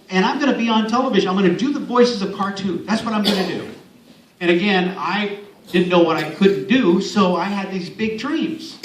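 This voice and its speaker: High-voiced storytelling man in an echoey hall. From San Antonio, Texas. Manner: warm storytelling with playful asides. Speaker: speaker, former radio host and voice actor. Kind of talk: motivational speech. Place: large hall at an event. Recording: echoey hall from far off, faint ambience.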